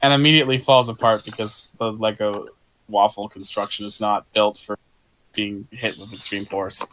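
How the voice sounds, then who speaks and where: A man narrating a tabletop role-playing game as game master, in a playful, relaxed storytelling manner. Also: lowish voice, moderate pace, no room sound.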